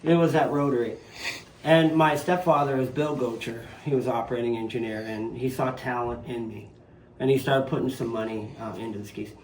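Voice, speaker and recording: A man in his fifties with a Southern US accent, telling lively stories as an interview guest in his home. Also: medium pitch, fairly quick, a little hiss or hum. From raised in Nevada, from southern Louisiana. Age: 50s. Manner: animated storyteller, acts out quoted voices. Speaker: interview guest, retired jet ski racer. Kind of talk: casual storytelling interview. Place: living room at home. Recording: roomy home room, faint ambience.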